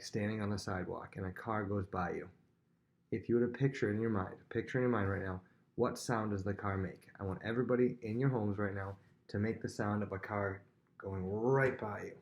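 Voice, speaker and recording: A man's voice: lowish voice, normal speed, darkish tone. A man teaching a physics lesson on video, talking casually and directly to students at home. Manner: casual, chatty, talks straight to students at home.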